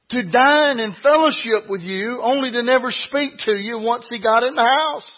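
A man's voice: extremely high pitch, lively intonation, unhurried, few pauses, breathy edge. A man preaching a sermon in church, folksy and emphatic, full of rhetorical questions. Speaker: pastor. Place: church sanctuary. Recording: dull lo-fi recording.

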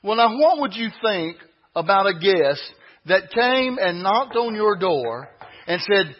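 A man's voice: high-pitched, big pitch swings, slow pace. A man preaching a sermon in church, folksy and emphatic, full of rhetorical questions. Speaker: pastor. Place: church sanctuary. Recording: dull lo-fi recording.

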